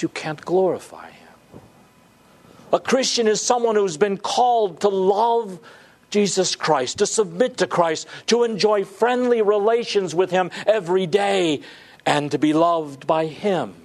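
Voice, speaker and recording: Earnest male pastor, fairly high voice. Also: darkish tone. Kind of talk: sermon.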